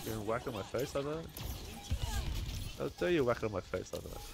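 A man's voice: mid-range voice, expressive, normal speed, gravelly, music in the background. A man streaming a shooter game, chatting to himself and his viewers in a casual, running commentary. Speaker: gaming streamer. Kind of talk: live gameplay commentary.

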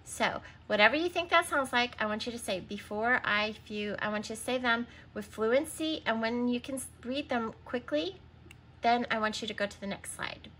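A woman teaching young children to read in a recorded lesson. Her voice is bright and a little high, and she takes her time, sounding words out and spelling them letter by letter. She patiently prompts her listeners to stop and answer. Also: moderate pace, slight background noise.

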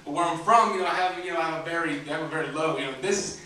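A man's voice: on the high side, rapid-fire, hardly any pauses, bright, forceful tone, recorded from a distance, slight background noise. A young man with a light Southern twang doing open-mic stand-up, brash and rambling with lots of fillers. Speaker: stand-up comedian. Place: comedy club stage. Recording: echoey club heard from afar.

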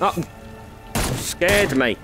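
A man's voice: high-pitched, lively intonation, very slow, over music. A young man in a let's-play video, joking and yelping at scares as he narrates the game. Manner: jokey, yelps and laughs at scares. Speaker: gaming YouTuber. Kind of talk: excited let's-play commentary.

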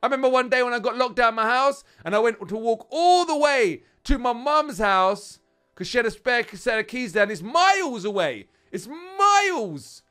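A British man commentating casually on a mobile game he is playing, chatty and excitable, talking straight to his viewers. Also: very high-pitched, normal speed, smooth, soft background music. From United Kingdom. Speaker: gaming channel host.

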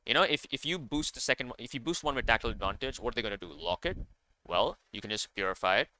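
A man's voice: mid-range voice, animated, quick pace, pushed and bright, a little hiss or hum. A man commenting casually on a card game, enthusiastic and rambling, with many fillers and self-corrections. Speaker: card game content creator.

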